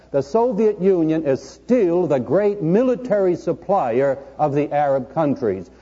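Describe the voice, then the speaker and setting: Man, preacher, sermon, somewhat high voice, husky, long hall echo, dull old recording. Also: mellow. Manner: addresses listeners as friend, dramatic pauses. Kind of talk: sermon on prophecy.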